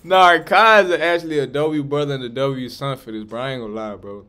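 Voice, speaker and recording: A man's voice: medium pitch, a little fast, pushed and bright. A young man giving casual, hyped reaction commentary in slangy street talk. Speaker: reaction streamer.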